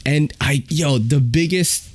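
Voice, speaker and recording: A man's voice: on the high side, takes it slowly, dry recording. A man hosting a podcast, telling stories in casual, slangy, profane talk. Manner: animated, slangy, profane storyteller. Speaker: podcast host. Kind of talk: casual storytelling.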